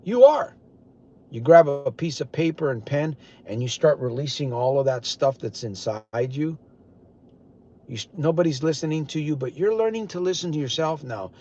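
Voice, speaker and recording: An older man working as a recovery coach speaks to listeners on a live stream in an earnest, repetitive, preaching way. His voice is fairly high and warm, at a moderate pace. This motivational live-stream talk comes through dull, lo-fi audio.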